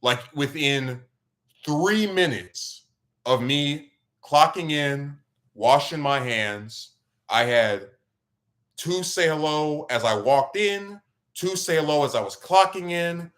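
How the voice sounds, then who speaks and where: Rambling, animated male podcast host. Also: a little high, slow. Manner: rambling, animated, voice jumps up when excited. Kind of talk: casual chat, storytelling.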